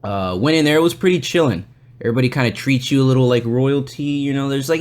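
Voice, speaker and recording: A man's voice: mid-range voice, fast. A man hosting a podcast, telling a long story in a loose, rambling way with a lot of swearing. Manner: acts out other people's lines in quoted voices. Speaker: podcast host. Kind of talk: casual storytelling chat.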